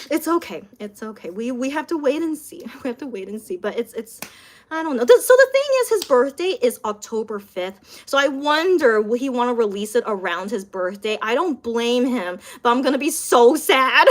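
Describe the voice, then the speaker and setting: A young woman chatting casually on a live stream, repeating herself, laughing often and reading viewer comments aloud. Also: high voice.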